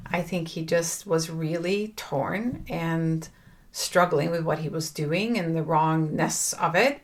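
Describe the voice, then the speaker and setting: A middle-aged woman hosting a podcast, talking earnestly and reflectively in a personal monologue, with fillers and restarts. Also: lowish voice. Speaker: podcast host.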